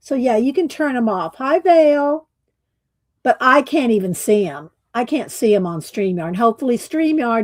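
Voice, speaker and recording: A woman, hosting a casual livestream, chatting slowly with viewers and laughing often, her voice a little croaky. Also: fairly high pitch, lively intonation, dry recording. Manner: slow, chatty, laughs often, Southern "y'all". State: slightly croaky voice. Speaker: livestream host.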